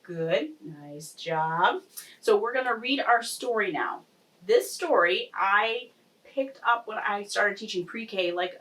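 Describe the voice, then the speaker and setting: A woman teaching preschool children, talking to them in a playful way and reading a picture book aloud. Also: medium pitch. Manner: animated, playful, talks to kids. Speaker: pre-K teacher. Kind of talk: children's lesson and read-aloud. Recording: distant mic.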